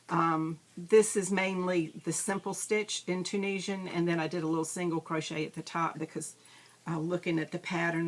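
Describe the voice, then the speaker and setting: Slow-talking woman chatting about yarn. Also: fairly low pitch. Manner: chatty, rambling, self-deprecating, frequent ums. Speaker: crafting videocast host. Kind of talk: casual show-and-tell chat.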